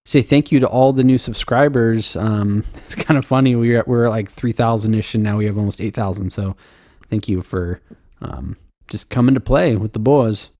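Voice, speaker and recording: A man's voice: lowish voice, normal speed, dark tone. A man co-hosting a podcast, talking in a laid-back, easygoing way into a close mic while playing a game. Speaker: podcast co-host. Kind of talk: casual gaming chat.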